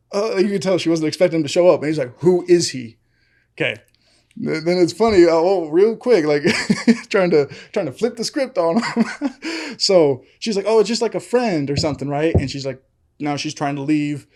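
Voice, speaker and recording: A man's voice: fairly high pitch, a little mellow. A man co-hosting a podcast, telling a story in casual chat, acting out quotes and laughing often. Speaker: podcast co-host.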